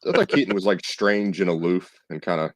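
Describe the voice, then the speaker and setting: A man's voice: low-pitched, steady tone, a little fast, dry recording. A man co-hosting a casual podcast chat, telling stories with dry, wry asides. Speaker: podcast co-host.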